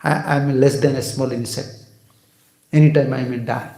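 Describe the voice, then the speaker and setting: A man's voice: mid-range voice, fairly even intonation, normal speed, creaky, mellow, reverberant. A man giving a devotional sermon as a swami, emphatic, repeating phrases and asking rhetorical questions. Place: temple hall.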